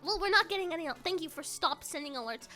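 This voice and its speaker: Super high-pitched woman streamer, giggly, excitable, repeats herself, bit of music in the background. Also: fast talker. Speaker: live streamer with an avatar model. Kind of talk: casual live-stream chat.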